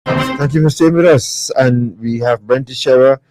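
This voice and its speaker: A man's voice: mid-range voice, moderate pace, background noise. A man hosting a live talk show with a Trinidadian accent, chatty and joking, often repeating his words. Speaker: host. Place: radio studio.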